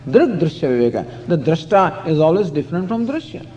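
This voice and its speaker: A man's voice: a little high, big pitch swings, a little fast, dark tone, slight background noise. A man giving a scriptural discourse as a spiritual teacher, telling stories with chuckles and saying "you know" often. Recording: dull lo-fi recording in a hall.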